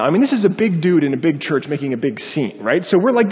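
A high-leaning male voice rushes through a sermon quickly, with few pauses and a long reverb tail. He's animated as he relates a personal story, imitating the voices of those involved.

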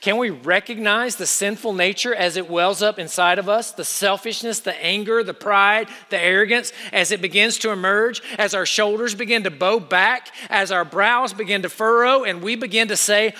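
High, bright preacher in a long-echo hall. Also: male voice, moderate pace, few pauses. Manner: urgent exhortation, swinging between loud pushes and quiet asides. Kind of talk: sermon.

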